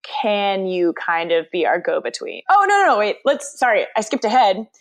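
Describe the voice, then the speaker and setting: A woman's voice: medium pitch, sing-song, moderate pace. A woman co-hosting a podcast who recaps TV episodes in casual chat and acts out quotes from the scenes. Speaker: podcast co-host.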